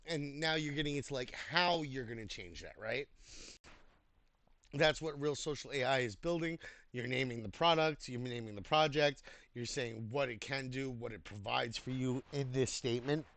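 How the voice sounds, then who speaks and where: Tired man giving halting feedback. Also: medium pitch, a bit bright. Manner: halting, many fillers and restarts. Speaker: writing coach reviewing posts. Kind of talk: casual spoken feedback. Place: home desk, online voice chat.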